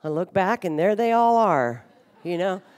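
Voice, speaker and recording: The recording is muffled and reverberant, taken in a large hotel ballroom where a woman in her fifties speaks on stage at a recovery conference. Her voice is on the low side, slightly mellow, with lively intonation and a moderate pace, and her candid talk about her life is wry, funny and occasionally bluntly profane.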